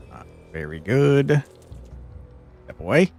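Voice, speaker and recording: Over soft background music, a young man speaks at normal speed in a mid-range, sing-song voice, pausing often while he streams a card game. He chats with his viewers between moves, swearing a lot and breaking into frustrated outbursts and laughter at tough fights during this live commentary.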